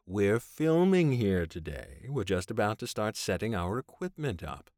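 A man's voice: lowish voice, sing-song, unhurried, darkish tone, no echo, studio quality. A man doing a smug, drawling TV host. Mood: flat refusal. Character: cocky, smug young male TV adventure host. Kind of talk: audiobook character voice.

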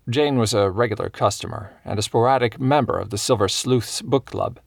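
Gravelly male audiobook narrator. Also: fairly low pitch, brisk, few pauses, dry recording, studio quality. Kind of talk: scripted narration of a cozy mystery.

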